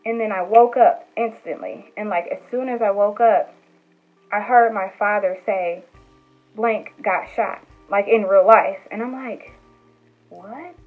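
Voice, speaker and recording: A woman's voice: mid-range voice, a little slow. Young woman vlogger telling a story over a tinny line. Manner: animated retelling with acted quotes, many fillers. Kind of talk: casual storytelling. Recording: tinny phone-like sound with faint music.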